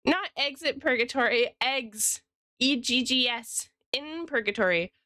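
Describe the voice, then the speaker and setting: A woman's voice: high voice, animated, unhurried, bright, forceful tone, no echo, clean studio sound. A woman streamer and illustrator chatting casually with her live viewers, rambling and greeting them by name.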